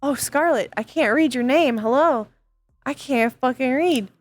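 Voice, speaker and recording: A woman's voice: high voice, unhurried, faint music behind. A woman streamer in playful VR role-play, silly and giggly, humming sing-song noises.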